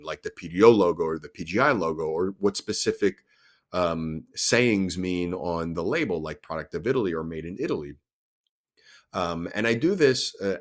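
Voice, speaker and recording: A young adult man with a deep voice hosts a solo podcast, earnestly explaining things step by step and frequently restarting his sentences.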